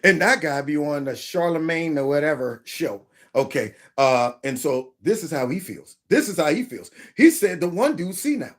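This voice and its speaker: A man's voice: on the high side, moderate pace, few pauses. A man hosting a commentary channel, reacting to video clips with exclamations and mock quotes. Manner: animated, exclaiming, mock-quoting others.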